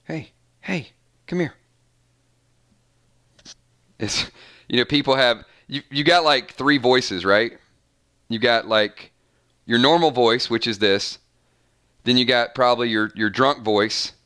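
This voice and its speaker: Chatty male game master with a bright, crisp voice, easygoing stream talk. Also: medium pitch, measured pace. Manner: chatty, tallies numbers aloud. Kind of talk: casual live-stream chat running a role-playing game.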